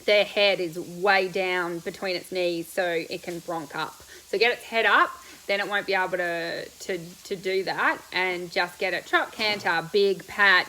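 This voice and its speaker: A woman with a fairly low, sharp-toned voice is heard in a low-quality recording with a little hiss or hum. Eating breakfast while riding coach, she hosts a laid-back live Q&A stream, bubbly and chatty as she laughs quickly and rambles through her answers.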